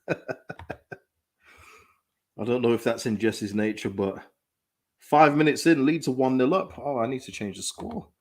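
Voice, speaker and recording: Excitable man hosting a football watchalong. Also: mid-range voice, unhurried, pauses often. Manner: excitable, reads out chat comments, laughs often. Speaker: live-stream football watchalong host. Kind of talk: casual live reaction chat.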